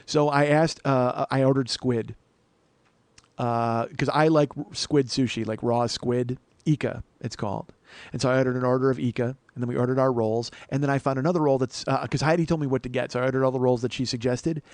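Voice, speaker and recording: A man's voice: medium pitch, a little mellow, no room sound. A man hosting a comedy podcast, telling a story in a profane, ranting monologue. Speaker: podcast host.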